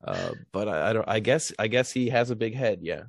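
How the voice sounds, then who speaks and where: A man's voice: lowish voice, animated, a little fast, vocal fry, no echo, clean studio sound. A man in casual podcast chat with a teasing, easily amused way of talking.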